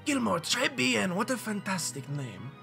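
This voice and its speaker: A man's voice: sits high, sing-song, normal speed, vocal fry, bright, forceful tone, soft background music, exaggerated voice. A man voicing a suave male game professor, reading his lines in a put-on, not quite convincing French accent. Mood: grand. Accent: fake French. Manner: grand, theatrical welcome speech. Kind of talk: reading game dialogue aloud.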